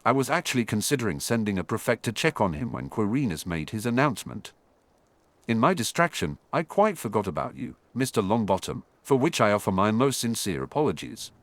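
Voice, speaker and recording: A man's voice: on the low side, very animated, brisk, no room sound. A man voicing a small, polite older male professor who speaks in a precise, apologetic way.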